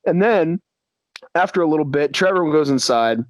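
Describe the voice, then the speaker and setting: A man's voice: a little high, expressive, normal speed, no echo, lo-fi sound. A young man, a podcast co-host, casually telling a crude story with lots of laughter, acting out his friends' lines.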